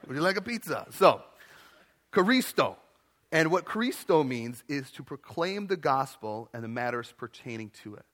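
A young adult man preaching a sermon to a church congregation in a conversational, animated way, dropping into playful voices. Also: on the high side. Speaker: pastor.

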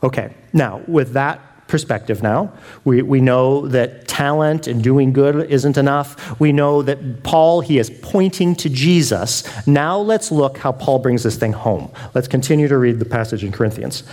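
A man preaching a sermon with passion, drawing some lines out softly and raising his voice on others. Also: medium pitch. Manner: impassioned, swings between soft drawn-out lines and raised exclamations.

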